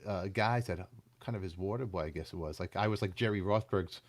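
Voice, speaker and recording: A man's voice: deep voice, no echo. Eager man hosting a casual chat. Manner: eager, steers the talk with quick reactions. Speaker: host.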